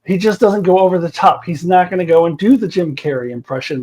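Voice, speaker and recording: Woman, casual video reviewer, passionate and blunt, quick laughs. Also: lowish voice, darkish tone, poor audio. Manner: enthusiastic, opinionated, laughs often, blunt with swearing. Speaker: TV show reviewer.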